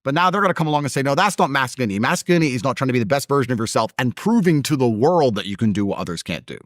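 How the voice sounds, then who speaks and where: Blunt male guest, mimics others mid-story, very lively intonation. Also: mid-range voice, rapid-fire, dry recording, clean studio sound. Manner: blunt, swears, mimics other people's voices in his stories. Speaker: interview guest. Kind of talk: forceful opinionated conversation.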